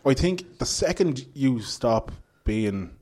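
An Irish man telling animated, laughing stories as a guest in casual podcast chat. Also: mid-range voice, slow pace. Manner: animated storyteller, laughs often.

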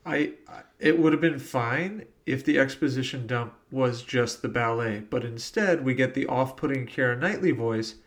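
A man with a mid-pitched voice gives dry, critical remarks on a film's storytelling. He speaks plainly in a podcast chat. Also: moderate pace, hardly any pauses. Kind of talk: casual movie review chat.

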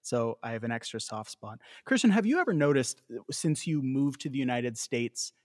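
A man's voice: medium pitch, animated, normal speed, no room sound, clean studio sound. A Canadian man co-hosting a podcast in casual chat. He laughs often and stumbles over his words. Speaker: podcast co-host.

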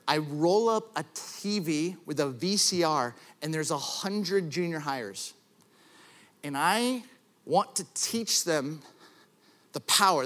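A man preaching a sermon as pastor, telling stories with self-deprecating humor and rising to shouts for emphasis. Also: a little high. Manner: animated storyteller, rises to shouting for emphasis.

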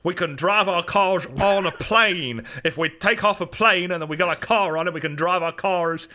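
A man's voice: sits high, moderate pace, sharp tone. A man doing an emphatic, pumped-up impression of a muscular action-movie star explaining a plan. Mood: scheming.

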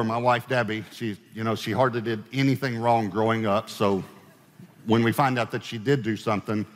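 A man's voice: mid-range voice, fairly bright tone, in a large hall. A male pastor preaching a sermon in a conversational way, asking his congregation questions as he goes.

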